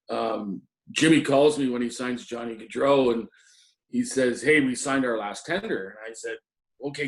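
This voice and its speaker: A middle-aged man, a former assistant hockey coach, reminiscing in an interview with many ums and restarts. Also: mid-range voice. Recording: roomy echo.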